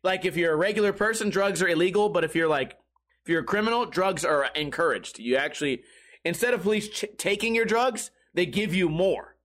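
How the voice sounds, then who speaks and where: A young man with a high voice chatting on a comedy podcast. He is animated and profane, laughs often, and breaks into sudden shrill exclamations. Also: a little fast. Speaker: podcast co-host. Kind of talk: casual comedic chat.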